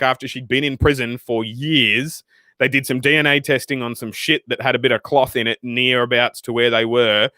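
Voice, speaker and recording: Swearing freely, a young Australian streamer chats and rambles in between reading out viewer comments, all in an animated manner. His voice is mid-range, with studio-quality audio and no echo.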